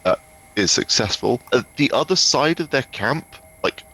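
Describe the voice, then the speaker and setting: Bright-voiced hesitant male player. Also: medium pitch, animated, normal speed, husky. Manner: hesitant with fillers. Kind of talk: tabletop game play.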